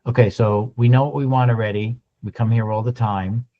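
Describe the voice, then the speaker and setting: A man giving a lunch-and-learn sales talk, animated and acting out little dialogues as he goes. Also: medium pitch, fairly quick, phone-quality sound. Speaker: sales trainer.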